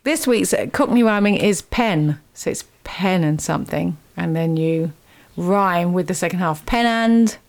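A woman's voice: fairly low pitch, unhurried, gravelly, a little mellow. A woman hosting a radio show in a studio, chatty and teasing as she quizzes her guests. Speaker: radio host.

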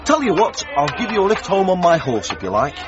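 A deadpan, laid-back young bloke. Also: male voice, high-pitched, brisk. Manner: casual, deadpan, sarcastic. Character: laid-back modern young man, bemused. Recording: muffled lo-fi recording with faint noise.

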